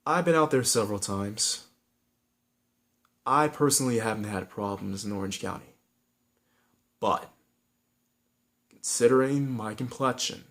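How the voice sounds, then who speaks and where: A man's voice: on the low side, a bit bright. A man with a Southern California accent giving frank, rambling advice in a casual vlog, with many restarts and fillers.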